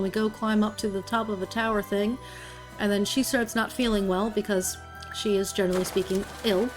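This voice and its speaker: A woman streamer talks through a video game in a loose, chatty way, filling pauses with "um" and "like" as she recaps the story. Her voice sits at an ordinary middle pitch. Soft music plays quietly underneath. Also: fairly even intonation. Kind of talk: casual let's-play commentary.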